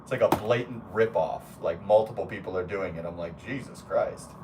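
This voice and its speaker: A man's voice: low voice, a little fast, darkish tone, recorded from a distance, a little hiss or hum. A man live streaming in a casual way, reading chat comments aloud and talking bluntly with plenty of swearing and rambling asides.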